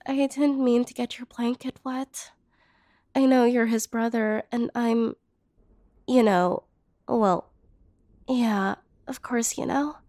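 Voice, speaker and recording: A young woman with a high, slow-paced voice speaks directly to the listener in a role-play monologue. Her tone is hurt and bitter, flaring into anger and sinking into hushed whispers. The sound is dry and close, with no room around it. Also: fairly even intonation, no echo. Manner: hurt and bitter, swinging between angry outbursts and soft whispers.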